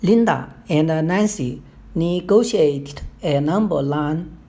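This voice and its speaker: A man with a Chinese accent reads a practice paragraph aloud, hesitant and stumbling at times. He reads very slowly, with a mellow, soft-edged tone. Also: fairly high pitch. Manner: hesitant, stumbles over words.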